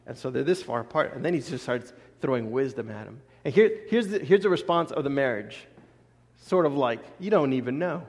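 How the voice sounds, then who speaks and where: A man preaching a casual sermon as a pastor, animated, acting out voices and laughing often. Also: mid-range voice, brisk. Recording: long echo of a large hall.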